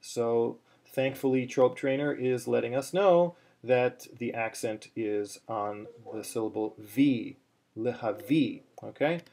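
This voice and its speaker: A man talks through a chanting lesson at an unhurried pace, patient and plain. He stops often to restart his sentences, then slips into short sung phrases. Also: mid-range voice, gravelly, a little mellow. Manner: patient, plain explaining with many fillers and restarts, breaking into chant. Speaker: cantillation teacher.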